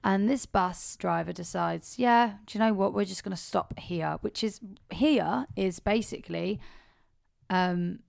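A woman's voice: medium pitch, measured pace, gravelly, no echo, clean studio sound. A woman co-hosting a podcast, casually and animatedly retelling a story with frequent swearing. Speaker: podcast co-host.

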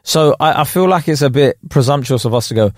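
A man's voice: medium pitch, fast. A man co-hosting a podcast, rambling through explanations in a self-mocking, casual way. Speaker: podcast co-host. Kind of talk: casual comedic chat.

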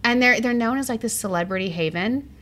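A woman from Arizona co-hosting a casual podcast, talking quickly and bubbly, with lots of "like" and laughter. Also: on the high side, fairly bright tone. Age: adult parent. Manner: quick, chatty and bubbly, with many likes and laughs. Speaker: podcast co-host. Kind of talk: casual chat.

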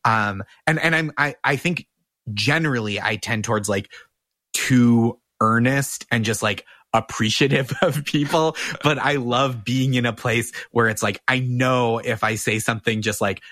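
A man telling a comedy story in casual chat, animated and laughing often as he quotes other people. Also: mid-range voice, unhurried, no echo, studio quality. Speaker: comedian guest.

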